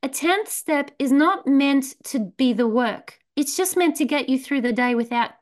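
A woman leading a recovery meeting, telling a story in a relaxed way and slowing down on key lines. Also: high-pitched. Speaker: meeting leader.

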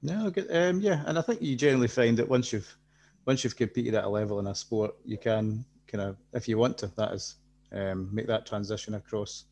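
A man's voice: lowish voice, brisk, creaky, darkish tone. A man hosting a podcast, asking long supportive questions with many restarts. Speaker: podcast host. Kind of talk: interview questions.

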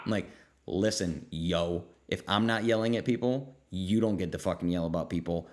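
A man hosting a casual Q&A podcast from his kitchen, energetic and blunt, reading out viewer comments and swearing freely. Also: low-pitched. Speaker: podcast host. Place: home kitchen.

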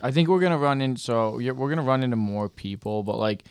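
Easygoing Michigan man with a smooth voice. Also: medium pitch, fast talker, dry recording. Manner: relaxed, laughs easily, swears casually. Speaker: podcast co-host. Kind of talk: casual hunting podcast chat.

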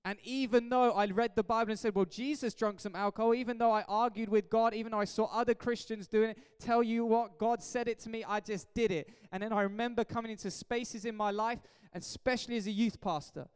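Pastor, high resonant voice, emphatic and playful sermon delivery, long hall reverb. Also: male voice, brisk, few pauses, clean tone. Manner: energetic, jokey, emphatic preaching. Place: church hall.

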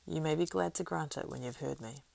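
A woman reading the part of a weathered male ranger, measured, wry and grave. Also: sits low, creaky, a little mellow, dry recording, exaggerated voice.

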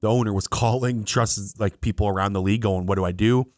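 A man co-hosting a casual sports podcast, animated and quick to laugh, often talking over his co-host. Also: fairly low pitch, no echo, studio quality.

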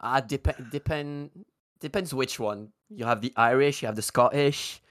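A man's voice: medium pitch, a little slow, fairly bright tone, no room sound, clean studio sound. A man from Europe chatting casually on a podcast, hesitant, with many fillers and restarts. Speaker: podcast co-host. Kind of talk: casual chat.

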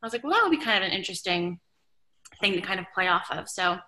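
Young woman, author guest on a chat podcast; bright tone, chatty and animated. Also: medium pitch, fast talker, low-quality recording.

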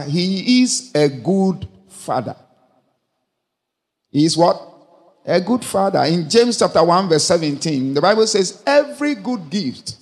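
A man preaching a sermon, quoting scripture and throwing rhetorical questions at the congregation. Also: sits high. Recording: long reverb of a large hall.

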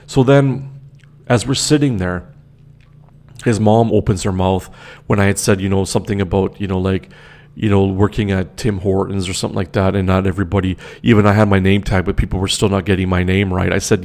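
A man's voice: lowish voice, fairly even intonation, brisk, creaky, darkish tone. A young man telling a story in a casual, indignant rant, swearing often and repeating himself.

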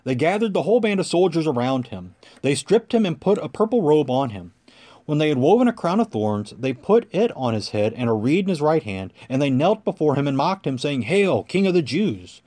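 A man reading scripture aloud as lector, in a measured, clear narrating voice. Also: on the high side, very animated, warm tone.

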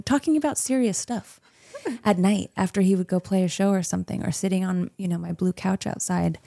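A woman's voice: mid-range voice, creaky, mellow, no echo, studio quality. A woman in her thirties, a podcast guest, chatting casually and telling a story with frequent laughs. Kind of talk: casual interview chat.

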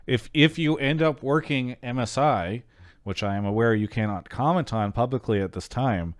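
A man hosting a call-in show, chatting casually and reading a sponsor spot, often trailing off quietly at the ends of sentences. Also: medium pitch, normal speed, no echo, clean studio sound. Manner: relaxed, rambling, trails off quietly at line ends.

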